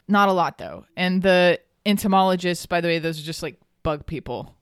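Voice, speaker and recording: A woman's voice: lowish voice, normal speed, smooth, no room sound, studio quality. A woman hosting a podcast, telling a local history story in a chatty, casual way and laughing often. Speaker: podcast host.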